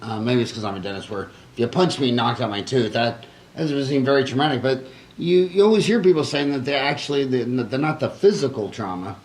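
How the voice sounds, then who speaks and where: A man's voice: medium pitch, fast, rough recording. A man hosting a podcast interview, asking long rambling questions full of fillers and restarts. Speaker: podcast host, dentist.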